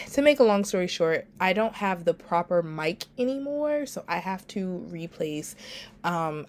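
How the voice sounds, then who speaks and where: A woman hosts a casual storytelling podcast, talking to her listeners like friends and calling them y'all. Her voice sits a little low and sounds stuffy and congested from a cold. She records without a proper microphone. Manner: chatty and familiar, addresses listeners as y'all. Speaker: podcast host.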